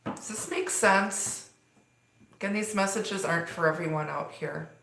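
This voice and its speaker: A woman with a slightly low voice gives a live tarot reading. She rambles, leaning on fillers, and her voice rings in an echoey room. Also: a little slow, vocal fry, a bit bright. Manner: rambling, filler-heavy delivery. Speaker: tarot reader.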